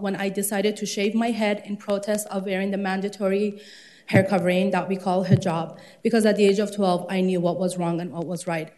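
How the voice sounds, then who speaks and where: Breathless woman from iran, earnest public comment at city council, middle pitch. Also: darkish tone. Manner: earnest, impassioned.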